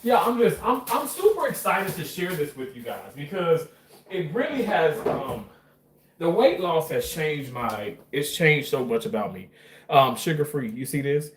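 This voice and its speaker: A man with a slightly high voice chats loosely through a home cooking vlog, wandering off-topic and swearing casually. He stands away from the mic in a roomy, echoing kitchen. A faint noise sits behind him. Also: big pitch swings, unhurried, recorded from a distance. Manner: chatty, rambling, casual swearing. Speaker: cooking vlogger.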